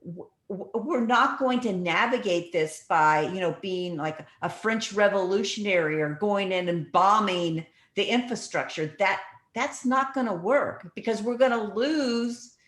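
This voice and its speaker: A woman's voice: medium pitch, lively intonation, measured pace, fairly bright tone. Earnest woman telling stories, roomy call audio. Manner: earnest, storytelling, many restarts. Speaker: guest speaker. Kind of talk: casual talk on a video call.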